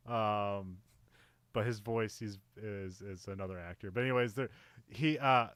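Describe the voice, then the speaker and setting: A man's voice: lowish voice, measured pace, a bit bright, clean tone, no room sound. Man, podcast co-host, rambling casual chat, laughs a lot, dry close sound. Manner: rambling, laughs often, lots of "like" and "you know".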